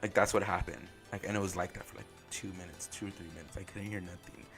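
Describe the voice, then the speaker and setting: A man's voice: deep voice, steady tone, fast talker, fairly bright tone, soft background music. A man hosting a podcast, telling a personal story in a loose conversational way, filling his speech with "like". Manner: loose conversational, heavy use of "like". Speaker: podcast host.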